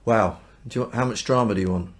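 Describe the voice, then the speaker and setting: A man's voice: fairly low pitch, fast talker. A man teaching the Bible in a chatty way, reading aloud and acting out the dialogue in everyday speech. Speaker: minister.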